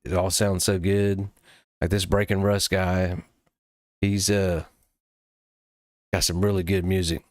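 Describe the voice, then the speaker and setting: A man demoing software he built, talking casually and loosely, with plenty of pauses and some cursing. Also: deep voice, flat delivery, no echo, studio quality. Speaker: developer demoing his own app. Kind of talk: casual late-night screen-recording talk.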